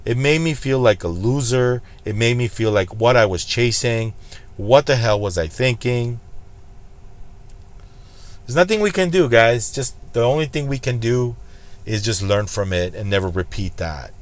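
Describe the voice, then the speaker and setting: A man's voice: medium pitch, animated, normal speed. A man hosting a slots channel, talking in a blunt, preachy way and hammering points home by repeating them. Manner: blunt, preachy, emphatic repetition. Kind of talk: casual vlog commentary.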